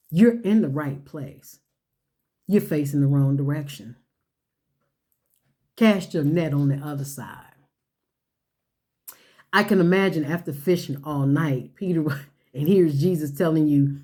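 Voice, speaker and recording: Mellow-voiced woman preaching. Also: low voice, unhurried, long pauses. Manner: repetitive rhetorical questioning, folksy phrasing. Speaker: speaker. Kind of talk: motivational sermon-style talk.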